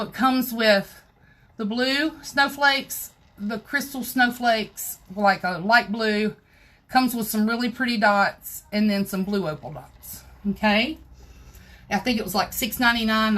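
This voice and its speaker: A woman's voice: medium pitch, a bit bright. A woman, hosting a casual live crafting tutorial at home and chatting straight to her viewers. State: out of breath.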